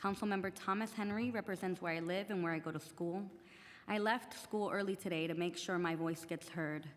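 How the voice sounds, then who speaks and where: A woman's voice: on the low side, steady tone, a little fast. A teenage girl, English not her first language, earnestly reading prepared testimony at a public hearing. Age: teen. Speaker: student testifying. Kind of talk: prepared testimony read aloud. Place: council chamber. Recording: long reverb of a large chamber.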